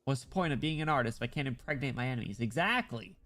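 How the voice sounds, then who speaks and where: Excitable male streamer, chatty. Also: racing. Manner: excitable and rambling, with sudden high squeals. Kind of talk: casual livestream chat while reading a game story.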